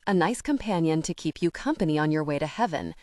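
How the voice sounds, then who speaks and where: A woman playing a cold male crime lord from Britain who speaks in short, curt lines. The reading is low and dry, straight from the audiobook. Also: lively intonation, fast talker, darkish tone, dry recording. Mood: clipped. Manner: clipped, curt.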